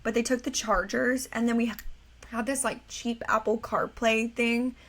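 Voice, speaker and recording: A young woman co-hosts a casual podcast chat, spinning animated stories and playing out what her relatives said. Her voice is bright and forceful and sits a little high. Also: moderate pace. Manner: animated storyteller, acts out quoted family voices. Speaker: podcast co-host.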